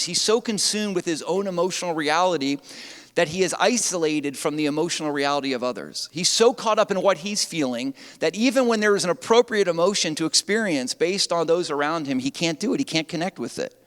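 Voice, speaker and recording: A man preaching a sermon as pastor, animated and conversational. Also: on the high side. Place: church sanctuary. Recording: long church reverb.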